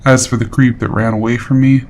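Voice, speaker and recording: A man reading a horror story aloud in steady, matter-of-fact scripted narration. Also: mid-range voice, brisk.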